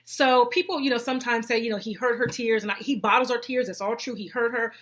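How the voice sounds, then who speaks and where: A woman hosting a live stream, reading viewers' comments aloud and talking about faith in a lively, preachy, slangy way, often repeating herself. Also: on the high side, fast. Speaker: host of a live faith and life-coaching stream.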